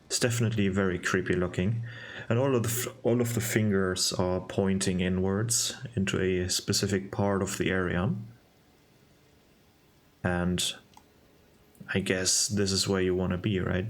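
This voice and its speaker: A young man giving casual gameplay commentary, musing aloud in a relaxed way with hesitant restarts. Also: low-pitched. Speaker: game video narrator.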